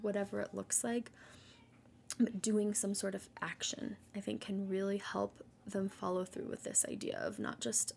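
A woman in her thirties hosting a solo parenting podcast, earnest and practical, often dropping into a breathy near-whisper. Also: mid-range voice, normal speed, a little mellow, slight background noise. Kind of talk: casual solo podcast talk.

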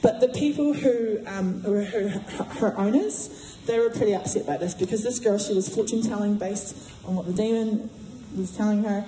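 A woman giving a sermon in a chatty, animated way, acting out voices as she retells a story. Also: medium pitch, moderate pace, hardly any pauses, a little hiss or hum. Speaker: preacher. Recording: echoey room.

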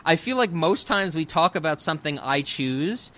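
A man hosting a casual movie podcast, animated and joking, laughing often and swearing freely. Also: on the high side, normal speed. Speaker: podcast host.

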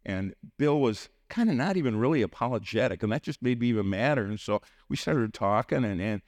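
A man's voice: mid-range voice, animated, a little fast, darkish tone, no echo, clean studio sound. A middle-aged man preaching a sermon, telling personal stories and acting out the people in them. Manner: storytelling, acts out quoted voices with sudden lifts. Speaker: preacher on a church teaching team.

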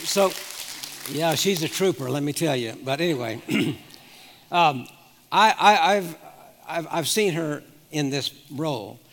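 An older man in his seventies preaches with a fairly high voice, telling stories earnestly and stumbling over his restarts. His words ring out with the long reverb of a big hall. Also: animated, measured pace, fairly bright tone. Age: 70s. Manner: earnest storytelling with frequent restarts. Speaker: pastor. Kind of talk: sermon with personal stories.

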